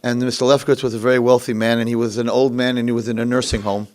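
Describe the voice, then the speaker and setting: A male rabbi telling a story in a dramatic, animated lecture. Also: medium pitch, rapid-fire.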